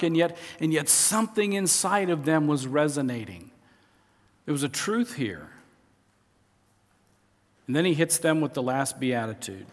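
A man's voice: on the high side, sing-song, measured pace, long pauses. A middle-aged man preaching a sermon as pastor, conversational, often restarting his phrases. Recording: long reverb of a large hall.

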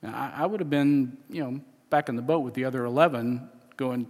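A man's voice: medium pitch, brisk, hardly any pauses, long reverb tail. A man preaching a sermon in a conversational way, often restarting and chuckling as he explains scripture. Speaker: pastor.

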